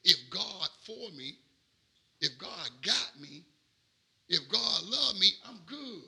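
A middle-aged man, a pastor, preaching a sermon in a rhythmic cadence that swings from quiet asides to shouted peaks. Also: high-pitched, big pitch swings, takes it slowly, gravelly, slightly rough.

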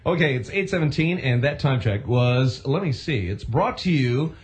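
A man's voice: medium pitch, animated, normal speed. A man hosting a radio show, rambling casually with many restarts.

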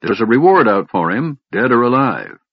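Male reader does boisterous brawny warrior, husky, bluff, bellowing. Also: on the low side, sing-song, unhurried, dry recording, highs cut off, full character voice.

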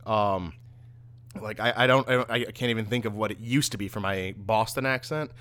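A man co-hosting a laid-back conversation, his voice sitting somewhat low. He often stumbles into sentences before settling. The delivery is easygoing and unscripted. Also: moderate pace. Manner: relaxed, stumbling starts. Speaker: podcast co-host. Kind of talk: casual chat.

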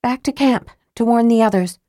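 A woman voicing a spirited young woman fighter who speaks softly but firmly, with a sharp edge. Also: a little high, normal speed, dry recording, studio quality, pitched above the performer's own voice, close to an everyday voice. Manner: soft but firm, sharp-tongued.

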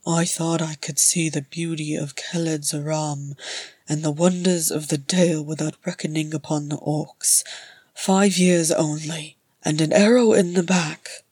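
Woman voicing a harsh raspy old dwarf man, loud and breathy, full of guilt; storybook reading. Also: sits low, dry recording. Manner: anguished, loud, biting.

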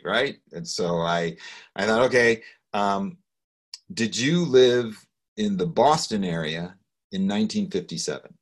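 A man's voice: low-pitched, breathy edge. A middle-aged man recounting a personal story in an interview, earnest and hesitant, over a video call. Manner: earnest, hesitant, with restarts and soft laughs. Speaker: guest speaker.

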